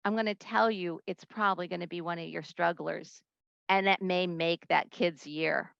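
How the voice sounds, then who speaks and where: A woman presenting a conference talk to teachers, a lively storyteller who acts out the voices she quotes. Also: medium pitch, gravelly, smooth, no room sound, lo-fi sound.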